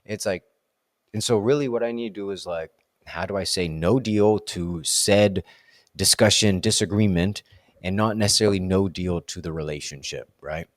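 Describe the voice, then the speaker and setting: The voice is fairly low and male, recorded in a clean studio with no echo. Vlogging solo and candidly, he muses on his thoughts in a rambling, self-questioning way, often saying "like" and "right?".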